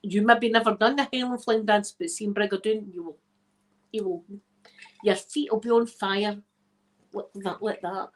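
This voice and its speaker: A woman's voice: medium pitch, steady tone, moderate pace, pauses often. A Scottish woman, an ASMR creator, chatting casually to her viewers as she tells a story, laughing often and checking in with "right?". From Scotland.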